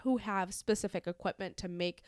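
Smooth-voiced woman chatting casually on a podcast. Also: mid-range voice, steady tone, a little fast, a little mellow, no echo, studio quality. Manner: chatty, swears freely, laughs often. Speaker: podcast co-host. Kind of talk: casual news chat.

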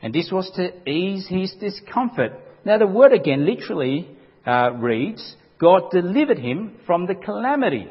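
A man's voice: sits high, very animated, normal speed, breathy edge. A man preaching an emphatic sermon, acting out quotes dramatically as a pastor. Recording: dull lo-fi recording with long hall reverb.

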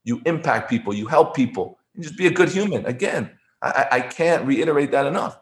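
A man's voice: mid-range voice, expressive, brisk. A man, a former poker player, talking as an interview guest, earnest and given to repeating words and restarting. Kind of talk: conversational interview storytelling.

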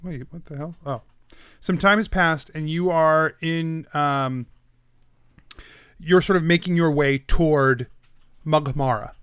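A man's voice: a little high, fairly bright tone, clear, resonant tone, dry recording, studio quality. A man narrating as game master of a tabletop game, hesitant and full of fillers.

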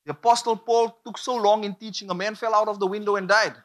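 A man's voice: sits high, fairly even intonation, fast talker. A man preaching a sermon, emphatic and repetitive, drawing call-and-response from the congregation.

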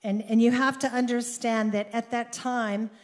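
A middle-aged woman giving a sermon, earnest and slow, who grows animated at points of emphasis. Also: fairly high pitch. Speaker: speaker giving a devotional.

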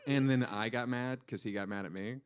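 Deadpan man telling a story. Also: medium pitch, fairly quick, clean tone. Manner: deadpan, acts out dialogue. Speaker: co-host. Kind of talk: casual storytelling chat.

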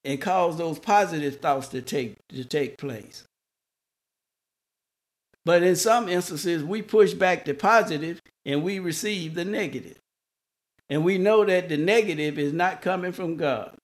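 Slow, emphatic male preacher. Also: a little high. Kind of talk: sermon.

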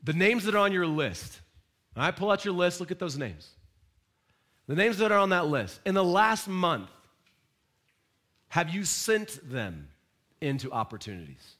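A man preaching a sermon as pastor, emphatic, with direct questions to the congregation and sudden rises and soft drops. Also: high-pitched, very animated, unhurried, pauses often.

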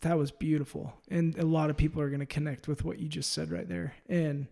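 Gravelly, earnest male faith-podcast host. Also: on the high side, little pitch movement, mellow. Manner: earnest, heartfelt, halting with restarts. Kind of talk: faith-based interview conversation.

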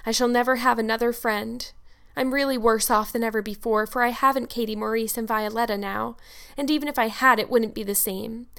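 A woman's voice: on the high side, fairly even intonation, a little fast, vocal fry, a bit bright, clean tone. A woman voicing a dramatic, romantic young orphan girl who speaks in a gushing, theatrical, tearful way in an audiobook. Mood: mournful. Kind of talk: audiobook character voice.

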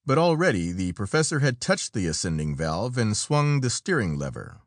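A man's voice: lowish voice, big pitch swings, moderate pace, few pauses, no room sound, clean studio sound. A man narrating an adventure story as an audiobook, in dramatic storytelling style. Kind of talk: scripted narration.

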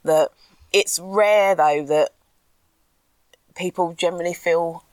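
Low-voiced woman, candid and animated. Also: takes it slowly, no echo. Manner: candid, animated, laughs often, self-described ranty. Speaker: podcast co-host, school anti-racism educator. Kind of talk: casual podcast chat.

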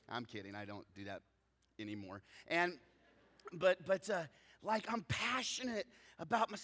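A man preaching with a somewhat raised pitch. He delivers his sermon as an animated storyteller, jumping from loud bursts to soft, low asides and often restarting his sentences. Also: moderate pace, big-room sound. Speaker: pastor.

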